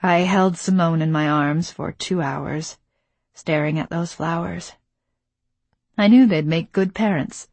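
A woman voicing a steely young woman who talks quietly and close to breaking. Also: fairly low pitch, a little slow, no echo. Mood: sorrowful. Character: steely young woman confessing her past.

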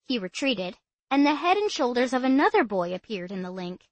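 A woman narrating a children's story in the first person, in an even, lightly expressive storytelling way. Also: fairly high pitch, a little fast, no echo. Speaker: audiobook narrator.

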